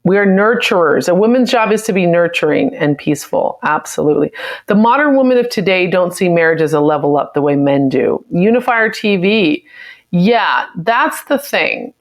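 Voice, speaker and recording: An American woman hosting a live stream reads viewer comments aloud and reacts to them in a chatty, opinionated way. Her voice is fairly low, with lively intonation, at a normal speed.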